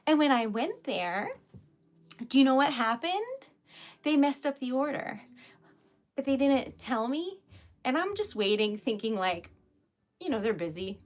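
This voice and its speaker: A woman's voice: high voice, sing-song, measured pace, long pauses. Giggly chatty woman crafting live. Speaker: craft livestream host. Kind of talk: casual chat while crafting. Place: home craft table.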